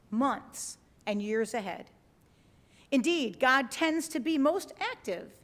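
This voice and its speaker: A woman pastor giving a conversational sermon to an online congregation, often checking in with her listeners. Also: sits high. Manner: conversational, asks the listeners with frequent tag questions. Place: church livestream.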